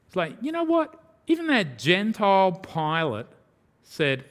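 A middle-aged man preaching a sermon, emphatic, with dramatic swings in pitch and loudness. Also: wildly swooping pitch, unhurried, long reverb tail.

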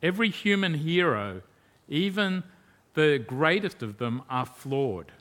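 With a forceful, bright edge and a pitch on the higher side for a man, this preacher delivers his sermon emphatically at a measured, sing-song pace. Rhetorical questions punctuate his speech, and he shifts from loud to hushed.

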